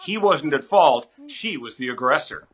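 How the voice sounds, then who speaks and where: A man interviewed for a news report, calmly explaining the law. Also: on the high side, moderate pace. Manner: calm, explanatory.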